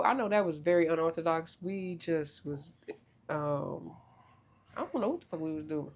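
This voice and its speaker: Loud joking woman podcast host. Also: expressive, moderate pace. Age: young adult. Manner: loud, joking and profane, with big swoops in pitch. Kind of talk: casual chat.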